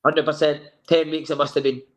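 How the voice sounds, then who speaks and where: A man with a Scottish accent, a guest telling lively anecdotes and acting out the dialogue in a sofa chat. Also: a little high, a little fast. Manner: lively storyteller who acts out quoted dialogue. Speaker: former footballer guest.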